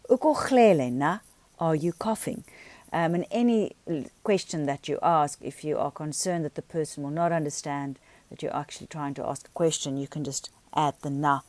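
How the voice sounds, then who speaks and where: Lady with a low voice going over grammar, patient, slow on the examples, dry close sound. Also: darkish tone, no room sound. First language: not Xhosa. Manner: explains patiently, pronounces example words slowly. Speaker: language teacher. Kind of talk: recorded grammar lesson.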